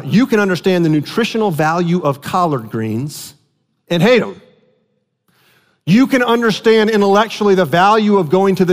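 Male pastor, high voice, conversational preaching with repeated phrases, reverberant hall sound. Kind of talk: sermon.

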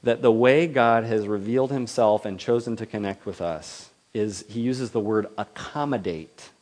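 A man preaching a sermon in a lively manner, swinging between loud declarations and soft, quiet asides, then leading a prayer. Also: on the low side, moderate pace. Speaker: pastor.

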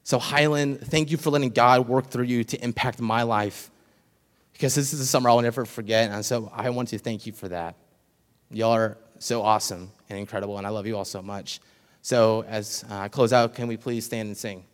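A young man in his early twenties giving an earnest, emotional personal testimony to a church congregation, pausing now and then with ums. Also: medium pitch, fairly even intonation. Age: young adult. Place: church sanctuary. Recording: long hall reverb in a church.

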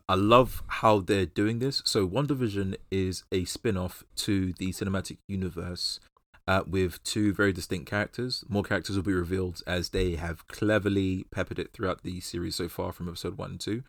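Deep-voiced British man chatting about films. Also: a bit bright, no room sound, clean studio sound. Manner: rambling, lots of restarts and fillers. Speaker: podcast co-host. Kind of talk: casual film discussion.

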